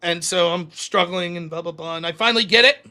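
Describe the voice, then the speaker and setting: A man hosting a live stream, telling a story in a casual, animated, profane and self-mocking way. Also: sits high, brisk. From United States. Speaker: streaming show host.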